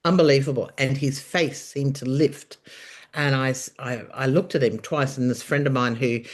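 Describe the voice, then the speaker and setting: A middle-aged Australian woman and nurse telling her story in a casual chat, animated and emphatic, rambling with frequent restarts. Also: a bass voice, moderate pace. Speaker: guest, nurse.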